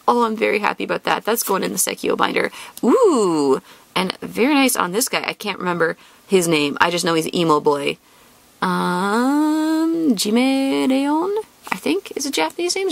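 A woman chatting casually and excitably as she opens card packs for her channel. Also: mid-range voice, creaky, no room sound. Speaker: trading card YouTuber. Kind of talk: casual chat while opening card packs.

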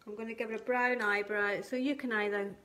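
A woman teaching colouring and shading on a live stream, talking gently step by step and thanking viewers by name. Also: a little high, steady tone, brisk. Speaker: craft tutor.

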